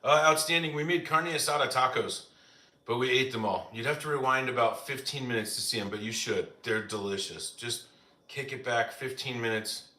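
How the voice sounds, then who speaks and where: A man's voice: medium pitch, normal speed, sharp tone, echoey room. A man hosting a casual live stream from the United States, chatting with viewers and answering their comments, with lots of "like" fillers. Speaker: live-stream cooking host.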